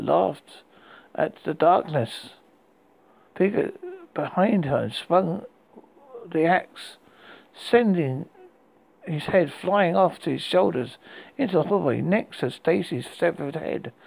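Gravelly male horror storyteller. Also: a little high, darkish tone, poor audio. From United Kingdom. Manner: halting, with frequent restarts. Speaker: horror podcast host. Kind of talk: storytelling narration.

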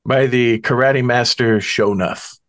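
A man's voice: medium pitch, animated, unhurried, fairly bright tone, no room sound. A man co-hosting a casual podcast chat, making short, dry joking asides.

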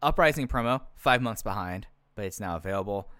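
A man's voice: lowish voice, lively intonation, brisk, a bit bright, clean tone, no room sound, clean studio sound. A man co-hosting a casual wrestling review podcast, easygoing and self-deprecating with rambling thoughts. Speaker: podcast co-host.

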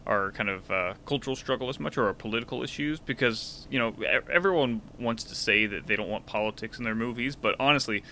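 Podcast co-host, male, bright and forthright, rambling restarts, light noise floor. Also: mid-range voice, quick pace, few pauses. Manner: thoughtful, with many restarts and fillers. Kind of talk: casual film discussion.

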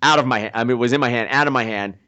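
A man hosting a podcast, telling a story excitedly and playfully mocking himself, often acting out what people said. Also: medium pitch, rapid-fire, dull audio. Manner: excitable, self-mocking, acts out quotes. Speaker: podcast host. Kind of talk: animated storytelling.

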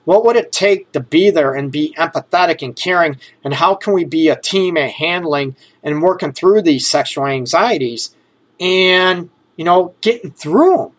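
A man's voice: on the high side, lively intonation, normal speed. A man talking frankly and casually to his listeners as a relationship advice host, joking at times and often checking in with "okay?". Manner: conversational, keeps checking in with "okay?" and "you know".

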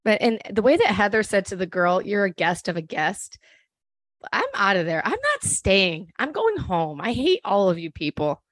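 A woman's voice: mid-range voice, very animated, moderate pace, few pauses, no echo, clean studio sound. A woman co-hosting a casual chat about reality TV, sarcastic and dramatic, swearing as she talks. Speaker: podcast co-host.

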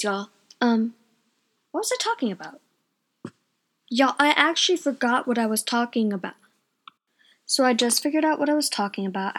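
A young vlogger with a high, fairly bright voice chats casually from her bedroom at home. She rambles through a personal story and often loses her train of thought.

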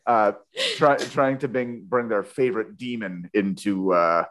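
A man's voice: lowish voice, unhurried, fairly bright tone. A man hosting a podcast, chatting casually about a book with a guest in a rambling, jokey way. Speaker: podcast host. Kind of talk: casual book-club chat.

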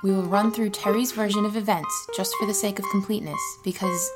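A woman narrating a comedy podcast segment, often laughing as she reads. Music plays clearly behind her voice. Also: mid-range voice, fairly even intonation, quick pace. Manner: laughing through her lines.

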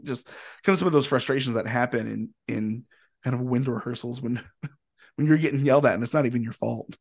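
A young man from Indiana, a podcast guest and musician, telling stories in a rambling, animated way and swearing freely. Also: medium pitch, brisk. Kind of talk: casual storytelling.

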